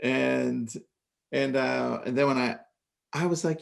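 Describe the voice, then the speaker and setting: A man with a gravelly, fry-tinged voice chats casually on a real estate panel. He tells stories with animated energy and tosses in quick asides. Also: mid-range voice. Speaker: podcast co-host.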